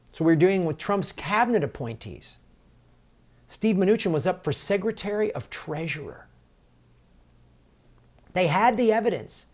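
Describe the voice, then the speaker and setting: A man hosting a political commentary show, ranting angrily and sarcastically, mocking politicians and swinging from loud outbursts to low mutters. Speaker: comedian and political commentator host.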